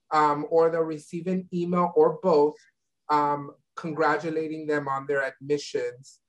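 In an online info session Q&A, a university advisor with a medium-pitched voice explains admissions steps over a video call. The recording is low quality, and the speech is full of ums and restarts.

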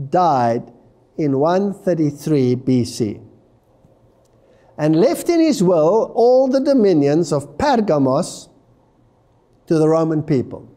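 A man's voice: high-pitched, mellow. A man giving an emphatic Bible prophecy lecture, explaining history and reading scripture aloud. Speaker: religious lecturer.

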